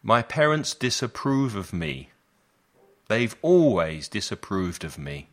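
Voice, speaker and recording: A man leads a lesson. His voice sits a little low, and he speaks very slowly and deliberately. He repeats short phrases so learners can copy them. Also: sing-song, fairly bright tone. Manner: slow, deliberate repetition for learners. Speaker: English teacher. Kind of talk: slow language lesson drills.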